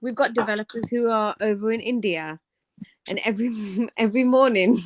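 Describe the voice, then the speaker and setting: A woman's voice: a little high, moderate pace, a little hiss or hum. A young woman, hosting a casual live-stream chat, telling stories in slang with frequent laughter. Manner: laughs often, slangy and animated storytelling. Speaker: livestream host.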